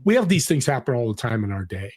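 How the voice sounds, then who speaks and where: A man's voice: mid-range voice, sing-song, fast talker, darkish tone. Earnest motivational man telling a story. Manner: earnest, motivational, acts out quoted people. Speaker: podcast guest. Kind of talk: conversational storytelling.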